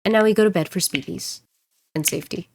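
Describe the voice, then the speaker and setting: A woman streamer and voice actor chatting casually while she plays, rambling and joking and quick to laugh. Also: lowish voice, creaky, darkish tone, slight background noise. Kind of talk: casual livestream chat while gaming.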